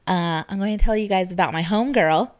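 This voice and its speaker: A woman's voice: medium pitch, quick pace, noisy background. A woman hosting a casual podcast, telling folklore with a playful, laughing manner. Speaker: podcast host.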